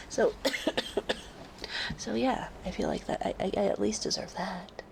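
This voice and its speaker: A woman chatting casually on her live stream while sick with a fever, often dropping into soft whispers. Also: medium pitch, lively intonation, creaky, a little hiss or hum. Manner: slow and soft, drifting into whispers. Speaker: livestreamer. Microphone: close studio microphone.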